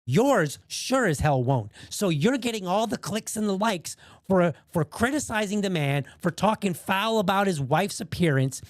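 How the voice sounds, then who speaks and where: A man's voice: high-pitched, moderate pace, few pauses, no echo. Blunt, heated male podcast host. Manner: blunt, heated, swears freely. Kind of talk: opinion podcast commentary.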